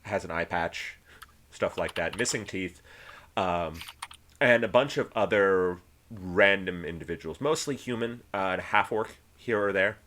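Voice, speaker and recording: Low-voiced man running a tabletop game. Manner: relaxed, halting narration with restarts. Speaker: game master.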